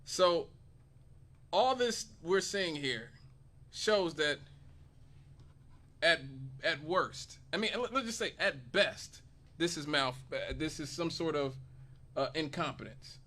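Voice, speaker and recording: A man's voice: fairly high pitch, expressive, slow, pauses often, bright, forceful tone. A man hosting a talk radio show, delivering an emphatic monologue and building his case with rhetorical questions. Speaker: radio host.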